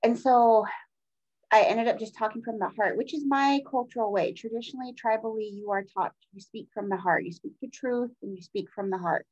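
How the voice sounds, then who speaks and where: A middle-aged woman, an interview guest and task force advocate, talks in a fairly high, darkish voice at a brisk pace. She is earnest and rambling in this conversational interview, often trailing off and restarting her thoughts. The audio sounds dull.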